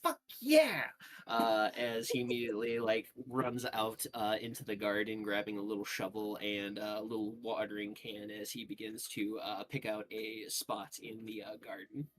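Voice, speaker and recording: A man narrating as game master in a tabletop game, in a relaxed way full of pauses and "uh"s. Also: on the low side, a little hiss or hum. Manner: relaxed, filler-heavy narration.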